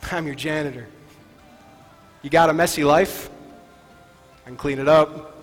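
A man voicing God in the first person during a sermon, making soft, slow, reassuring promises in a reverberant hall with faint music. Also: sits high. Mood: tender. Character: God speaking, gentle reassuring male voice.

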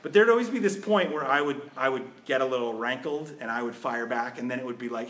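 A man's voice: mid-range voice, a little fast, few pauses, a bit bright. A man preaching a sermon in a conversational way, often asking his listeners rhetorical questions.

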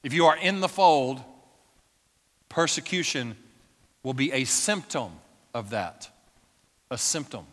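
A male pastor preaches in a church, his medium-pitched voice carried by the long reverb of a big hall. He hammers points home with emphasis, then drops to a hushed, intense tone. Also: expressive, slow pace, long pauses. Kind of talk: sermon.

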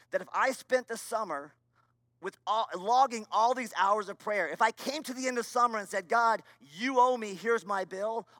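Male pastor, sermon, high voice, dry close sound, earnest, emphatic repetition. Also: sharp tone, no room sound. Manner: earnest, emphatic preaching with repeated phrases. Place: church.

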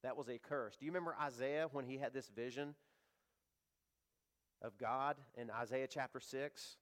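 A man's voice: mid-range voice, normal speed, fairly bright tone. A pastor, preaching an impassioned sermon and acting out the voices he quotes.

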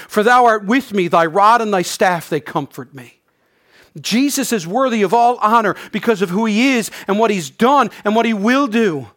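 A man's voice: high voice, a bit bright. A middle-aged man from Canada preaching a sermon with earnest conviction and wry asides. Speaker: pastor.

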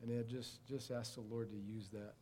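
A man's voice: mid-range voice, flat delivery, normal speed, darkish tone, slight background noise. A man leading a midweek church class, talking through scripture in a conversational way and calling on members by name. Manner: conversational, calls on people by name, builds to impassioned emphasis. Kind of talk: informal sermon and discussion.

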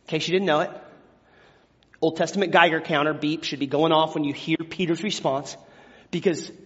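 A man preaching a sermon, animated, acting out biblical quotes with big swings from hushed tones to shouting. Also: on the high side, moderate pace. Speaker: pastor. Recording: dull sound with long hall reverb.

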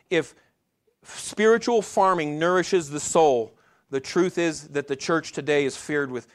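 Pastor, male, slightly higher-pitched voice, earnest sermon delivery with frequent restarts. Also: fairly bright tone. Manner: earnest preaching with frequent restarts, addresses congregation directly.

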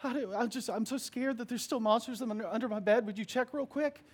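A man voicing a scared two-year-old girl who just woke from a nightmare, telling it in a rushed, stumbling way. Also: very high voice, husky, pitched above the performer's own voice. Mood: frightened.

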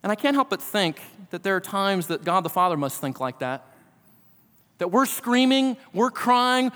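A man's voice: sits high, expressive, normal speed, a bit bright. A middle-aged pastor preaching a sermon, earnest and asking his listeners direct questions. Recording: long reverb of a large hall.

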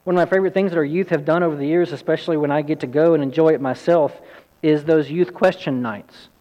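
A man pastor preaching an earnest, emphatic sermon, at times quick and at times slow. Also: fairly high pitch, fairly even intonation, highs cut off. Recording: long hall reverb.

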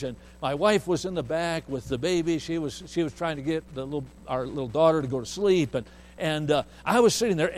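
A man's voice: fairly high pitch, poor audio. A man preaching, telling a family story in a folksy way and acting out the voices of the people he quotes. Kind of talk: storytelling sermon.

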